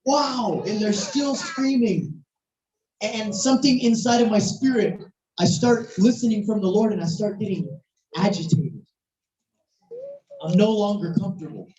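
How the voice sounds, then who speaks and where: A preacher telling a story in a sermon, animated and at times shouting, recorded in a church hall. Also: mid-range voice, moderate pace, pauses often, a little hiss or hum. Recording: echoey, distant, muffled hall recording.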